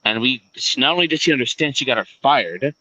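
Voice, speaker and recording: A man chatting casually on a live stream, telling a profane story with animated energy. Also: medium pitch, quick pace, dry recording, low-quality recording. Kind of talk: casual chat.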